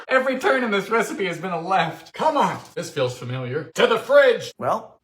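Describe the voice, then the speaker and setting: A man hosting a vintage recipe cooking show, narrating steps with deadpan quips and sudden loud outbursts. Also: high voice, fairly quick.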